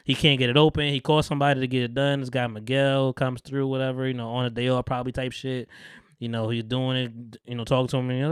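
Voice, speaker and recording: A man's voice: mid-range voice, level tone, fast, smooth, no room sound, clean studio sound. A man hosting a podcast, animatedly retelling a TV episode, swearing freely and laughing often. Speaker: podcast host. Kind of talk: casual chat, retelling a TV episode.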